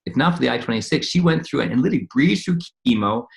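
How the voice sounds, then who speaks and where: Male interview guest, scientist type: rapid, gravelly, rambling, with lots of restarts. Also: medium pitch, expressive. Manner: rambling storytelling with frequent restarts and repeated words. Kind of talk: casual conversational interview.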